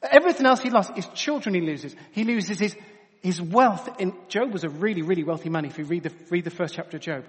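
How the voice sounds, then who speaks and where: Guy preaching into a headset mic, earnest and chatty, quite high voice, big hall echo. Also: expressive, quick pace. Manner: earnest, conversational, addresses crowd as guys. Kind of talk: sermon. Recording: long hall reverb.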